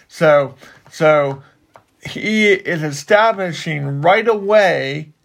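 Man, minister, gravelly voice, very slow talker, rambling Bible explanation. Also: on the high side. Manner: rambling, restarts a lot, drawn-out explanations. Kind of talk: casual Bible study chat.

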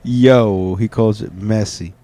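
A man's voice: on the low side, fairly even intonation, slow, warm tone. A man hosting a casual reaction show, rambling and profane, often restarting his sentences. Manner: rambling, profane, self-correcting. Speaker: host reacting to video clips.

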